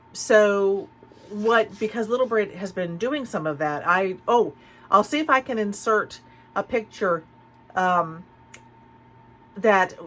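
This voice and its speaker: A woman's voice: mid-range voice, a bit bright, rough recording. A middle-aged woman chatting casually at home as a haul vlogger, rambling with many restarts and fillers. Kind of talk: casual chat. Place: a room at home.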